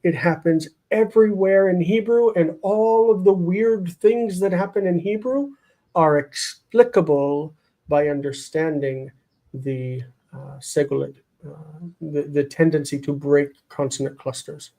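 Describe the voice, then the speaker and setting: A man teaching a live online grammar lesson, sounding out words slowly and explaining their forms. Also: fairly high pitch, steady tone, warm tone, low-quality recording. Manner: explains, repeats words slowly, reads out comments.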